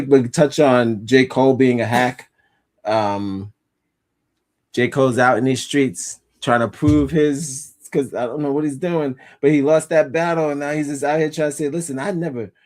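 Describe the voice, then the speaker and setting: A man's voice: on the low side, a little mellow. A man hosting a casual commentary podcast, rambling and swearing, often laughing at his own jokes. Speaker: podcast host.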